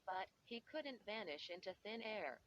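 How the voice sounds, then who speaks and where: A frightened young girl who clings to her friend, read by a woman. She speaks slowly and anxiously. A faint hiss sits under a dull recording. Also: medium pitch, animated, natural voice. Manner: whispery, anxious.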